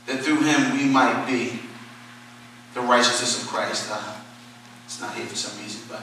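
A man preaching a sermon, moving between quiet, low explanation and loud, impassioned exhortation. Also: steady tone, normal speed, pauses often, a little hiss or hum. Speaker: pastor. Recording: echoey hall, mic at a distance.

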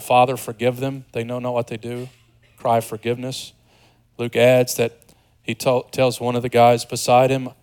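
A man preaching a sermon as pastor, earnest, moving from hushed low passages to loud, high emphatic ones. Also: clear, resonant tone.

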